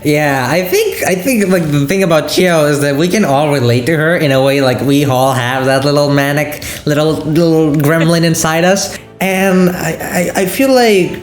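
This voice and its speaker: A man interviewing his voice cast, hyper and excitable, often stumbling over his words. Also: fairly high pitch, normal speed, few pauses, echoey room, soft background music. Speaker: interviewer and show creator. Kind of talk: casual interview.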